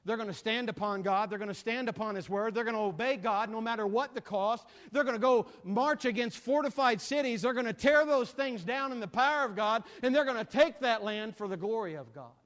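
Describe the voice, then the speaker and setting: High-voiced preacher in a ringing hall. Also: male voice, fairly quick, few pauses, fairly bright tone. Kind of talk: sermon. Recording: long reverb of a large hall.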